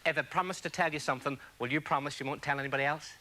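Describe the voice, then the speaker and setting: A man's voice: a little high, fairly even intonation, rapid-fire, heavy background noise. A man doing a stand-up comedy routine, firing off chatty one-liners to an audience.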